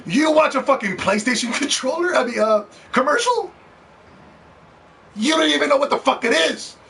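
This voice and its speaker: A man's voice: extremely high pitch, very animated, moderate pace, creaky, fairly bright tone. A man ranting in a heated, profane, mocking way in vlog commentary about video games. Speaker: gaming commentator. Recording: distant mic with faint background noise.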